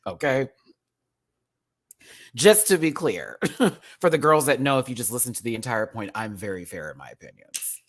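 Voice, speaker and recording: A man from Houston hosting a casual livestream review, talking in an animated, campy and profane way with lots of fillers. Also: mid-range voice, brisk. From Houston, Texas. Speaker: livestream show host.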